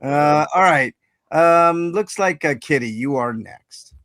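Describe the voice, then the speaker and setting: A man's voice: fairly high pitch, lively intonation, slow pace, fairly bright tone, no echo. A man hosting a casual podcast, joking and laughing often with his co-hosts. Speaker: host.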